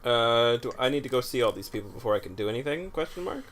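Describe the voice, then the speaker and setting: A man's voice: medium pitch, quick pace, a bit bright. A man at the controls of a let's play, giving casual gameplay commentary in an easygoing manner, laughing along and asking questions.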